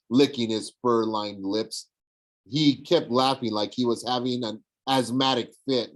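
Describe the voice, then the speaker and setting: A man reading a novel aloud in steady audiobook narration. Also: fairly low pitch, poor audio. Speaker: audiobook reader.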